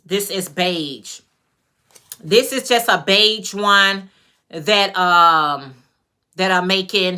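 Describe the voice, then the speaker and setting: Bright-voiced Chicago woman chatting live. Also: mid-range voice. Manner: chatty, greets viewers by name, drawn-out phrases. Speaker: livestream host and crochet maker. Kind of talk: casual livestream chat with viewers.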